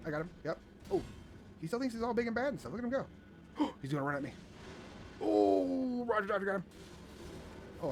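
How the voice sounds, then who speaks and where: A man giving playful, excited commentary while playing a video game with his son, exclaiming often. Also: on the high side, slight background noise. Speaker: gaming video host.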